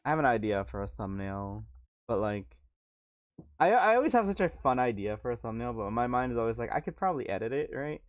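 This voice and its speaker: A man's voice: mid-range voice, sing-song, a little fast, dry recording, lo-fi sound. A man chatting casually on a game livestream, rambling and joking with frequent stammered restarts. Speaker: streamer. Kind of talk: casual livestream chat while gaming.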